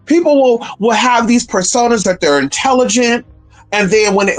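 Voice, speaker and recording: A woman's voice: mid-range voice, very animated, normal speed, faint music behind, rough recording. Woman, livestream host, casual talk, blunt, profane, emphatic.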